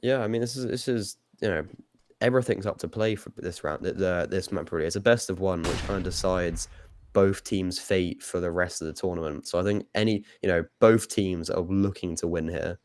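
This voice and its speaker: A man's voice: low-pitched, fairly quick, darkish tone, a little hiss or hum. A young man giving easygoing color commentary on a live esports match, with hesitant restarts and frequent laughs. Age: young adult.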